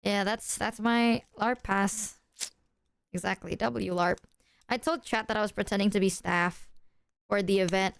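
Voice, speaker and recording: A woman streamer chatting to her viewers, excitable and apologetic as she shows off gifts. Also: mid-range voice, measured pace, vocal fry, smooth, no room sound, studio quality. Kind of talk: casual stream chat to viewers.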